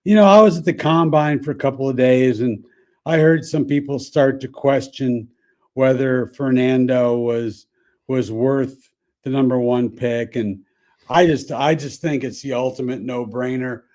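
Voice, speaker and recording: A man's voice: mid-range voice, a little slow, a little mellow. A man appearing as a sports columnist guest on a radio show, giving his opinions in an easygoing, confident way. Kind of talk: casual sports radio chat.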